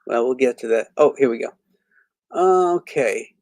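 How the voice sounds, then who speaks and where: A man's voice: mid-range voice, lively intonation, unhurried, darkish tone, dry recording. A man from Florida hosting a casual live stream, rambling with many fillers and restarts, blunt about what he dislikes. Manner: blunt and opinionated. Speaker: host of a live movie stream; reads viewer comments aloud.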